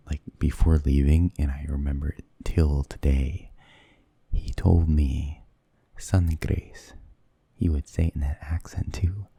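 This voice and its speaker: Very deep, gravelly soft-spoken man. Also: no echo. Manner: rambling and hesitant, drifting into whispers. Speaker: ASMR creator. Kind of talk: soft-spoken ASMR storytelling.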